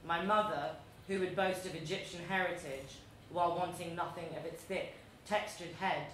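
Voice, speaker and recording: A woman in her thirties with a London accent reads her personal essay aloud in a measured, deliberate, dryly wry way. Her voice sits a little low. It echoes strongly around a large room, with a faint noise underneath. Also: steady tone, fairly bright tone. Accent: London English. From London, England. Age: 30s. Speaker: author reading her essay. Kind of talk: live reading of a personal essay. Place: large echoey museum event space.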